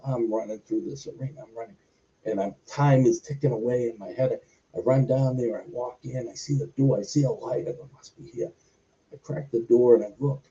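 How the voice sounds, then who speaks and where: A wrestler telling a long backstage story in an interview, rambling with many fillers. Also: male voice, medium pitch, warm tone. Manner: rambling, filler-heavy anecdotes. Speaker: wrestler guest. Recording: muffled lo-fi recording.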